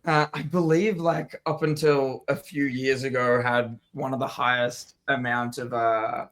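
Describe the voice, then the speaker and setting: A man's voice: mid-range voice, little pitch movement, unhurried, a bit bright. A young man from Australia, an actor, chatting casually as an interview guest, loose and rambling with many fillers and restarts.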